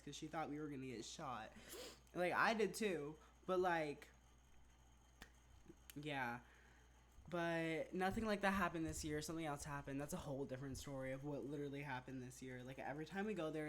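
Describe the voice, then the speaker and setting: A vlogger telling a story in casual storytime-vlog chat, rambling and animated, packing in "like" constantly. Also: medium pitch, a little hiss or hum. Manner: rambling, filler-heavy, says "like" constantly; chatty, animated retelling.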